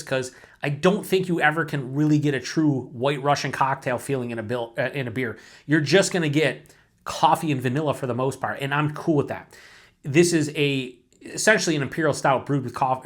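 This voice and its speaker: A man's voice: on the high side, a bit bright. Male beer reviewer, solo vlog, loose and rambling, filler-heavy, casual swearing. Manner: talks to himself with self-mocking asides.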